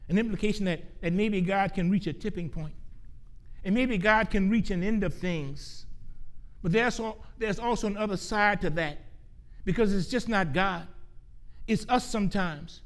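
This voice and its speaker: A man preaching a sermon, earnest and emphatic, repeating key phrases and slowing down to stress quoted scripture. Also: sits high, expressive.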